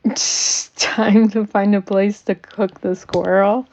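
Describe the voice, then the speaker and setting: A woman's voice: mid-range voice, level tone, slow pace, a little mellow. A woman running a tabletop game on a stream who teases her players, laughs often and uses many fillers. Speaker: game master.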